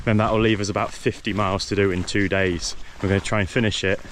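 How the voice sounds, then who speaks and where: A man with a fairly low, flat voice talks fast and casually while walking a long-distance trail for his vlog, his tone slightly bright. He's easygoing, full of ums and restarts, and there's a little hiss or hum in the audio.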